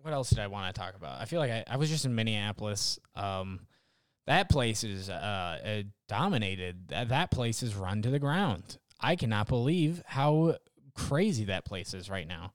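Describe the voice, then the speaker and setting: A man's voice: on the low side, expressive, moderate pace, no echo, studio quality. A young man ranting casually and sarcastically as a podcast host, rambling and swearing. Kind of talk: casual rant.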